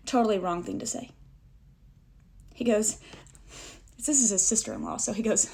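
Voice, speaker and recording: Animated woman telling a story to camera. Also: medium pitch, moderate pace, vocal fry, pauses often, husky. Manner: animated, self-deprecating, acts out dialogue. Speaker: vlogger telling a personal story.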